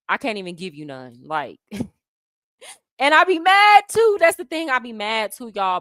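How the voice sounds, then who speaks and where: A woman from the US who lives abroad in Colombia hosts an easygoing travel livestream, replying to viewer comments with animated banter, lots of laughter, and slang. Her voice is mid-range and a touch bright, captured in a dry, clean studio recording.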